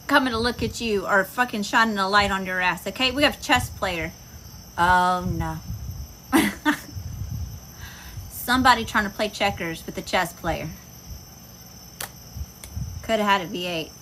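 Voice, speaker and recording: Crickets and other insects chirp behind this tarot reader as she does a casual reading, blunt, emphatic, and full of swearing. Her slightly high voice sounds pushed and bright, and the recording is rough, with a bit of hiss or hum.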